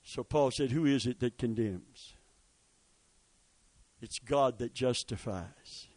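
A man preaching a sermon, swinging from quiet storytelling to loud rising exhortation with asides to the congregation. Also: medium pitch, takes it slowly, no echo. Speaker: pastor.

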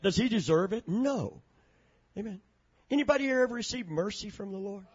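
A preacher giving a sermon, swinging from shouted, chanting climaxes down to low, quiet storytelling. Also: male voice, lively intonation, a little fast, breathy edge, lo-fi sound. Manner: rising to shouted, chanting peaks, then dropping low and soft.

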